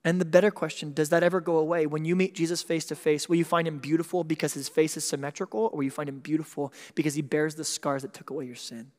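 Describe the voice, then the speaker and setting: A male pastor giving a sermon in an animated, conversational way, mixing jokes and quick asides with earnest passages. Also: on the high side. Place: church sanctuary. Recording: long hall reverb.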